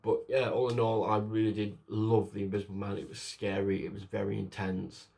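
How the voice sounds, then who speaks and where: A man talks through a film he just watched in a loose, casual review. His voice sits a little low. He rambles with plenty of fillers and restarts, and he acts out the characters' lines as he retells the story. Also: little pitch movement, brisk, gravelly, mellow.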